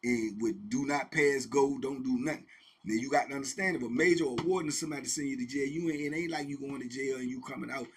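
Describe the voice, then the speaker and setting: A man hosting and telling a story in a casual, animated, slang-heavy way, repeating phrases for effect. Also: medium pitch, fast, husky. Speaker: host and storyteller.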